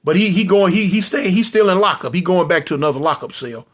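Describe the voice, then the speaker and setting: A man putting on a hushed female prison guard. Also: animated, fast. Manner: low, confiding hush.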